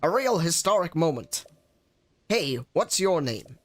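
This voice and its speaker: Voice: mid-range voice, very animated, measured pace. Streamer doing a chirpy bird newspaper guy from a game, old-timey newsreader voice, real peppy. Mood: brisk, upbeat. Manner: old-time American newsreader voice. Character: cheery male bird newspaper reporter. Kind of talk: voicing game dialogue.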